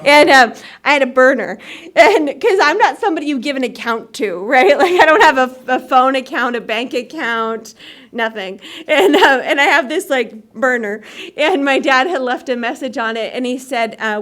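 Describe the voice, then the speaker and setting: A woman with a fairly high voice tells her recovery story to a meeting. She talks in a chatty, self-mocking way and laughs at herself often. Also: expressive, moderate pace, fairly bright tone. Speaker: AA meeting speaker. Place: meeting hall.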